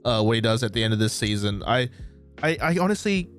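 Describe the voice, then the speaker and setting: Aussie guy rambling on a podcast, mid pitch, keeps forgetting names, bit of music under it. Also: animated, fast. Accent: Australian. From Australia. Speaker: podcast host. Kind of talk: casual chat. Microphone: desk microphone.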